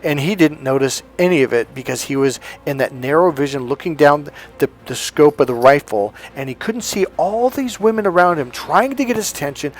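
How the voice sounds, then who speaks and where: A man's voice: a little high, fairly quick, hardly any pauses. A man giving an emphatic coaching talk on dating, telling anecdotes and acting out the quotes. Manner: emphatic, storytelling, acts out quotes.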